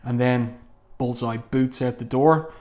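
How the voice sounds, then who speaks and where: A man at an ordinary middle pitch walks through a comic book review in an easy, conversational way. He sounds enthusiastic about what he describes, and his speech is sprinkled with ums as he gathers his thoughts. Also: steady tone, measured pace, darkish tone.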